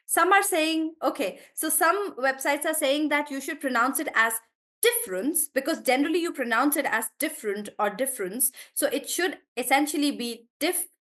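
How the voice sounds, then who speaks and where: Speaking at a moderate pace, this young woman has a high-sitting, somewhat bright voice. She's running a live online lesson on syllables, musing aloud as she checks words and cheers her students on.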